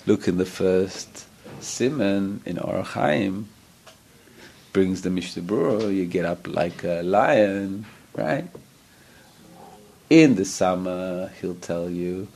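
A man's voice: deep voice, expressive, slow, creaky, a little mellow, slight background noise. A man teaching a Torah lesson as a rabbi, earnest, often asking his listeners questions. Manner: earnest, asks the listeners questions, acts out voices.

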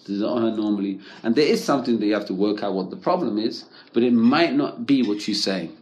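A man's voice: fairly low pitch, fast talker, a little mellow. A man giving an informal religious talk as a teacher, conversational, often checking in with "right?" and mixing in Hebrew terms. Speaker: Torah teacher.

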